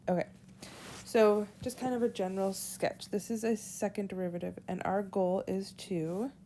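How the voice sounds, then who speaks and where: Slow, mellow woman teaching math. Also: medium pitch, slight background noise. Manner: slow, deliberate, walks through steps aloud. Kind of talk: whiteboard lesson explaining calculus.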